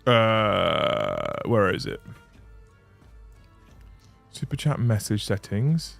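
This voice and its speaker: A man's voice: lowish voice, wildly swooping pitch, very slow, gravelly, a bit bright, faint music behind. A man hosting a casual livestream, rambling and chatting as he reads out lists and viewer messages. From England. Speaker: livestream host.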